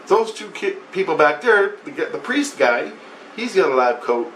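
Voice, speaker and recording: A vlogger with a high-sitting, slightly bright voice tells of a spiritual vision, very animated yet at a measured pace. His telling is rambling and profane, full of restarts and repetitions, recorded with roomy echo and faint noise behind him.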